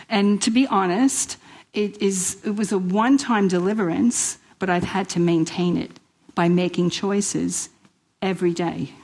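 A woman's voice: on the low side, darkish tone, breathy edge, poor audio. A middle-aged woman with a New York accent giving an earnest, emotional personal testimony at a women's church event, with hesitations and restarts. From New York, USA. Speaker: speaker.

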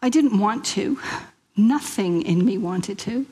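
A middle-aged woman from New York with a New York accent, giving a lively personal testimony at a women's church event and acting out the dialogue in her stories. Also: medium pitch, slow pace, slightly rough, poor audio. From Queens, New York. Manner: lively storyteller who acts out quoted dialogue and laughs often.

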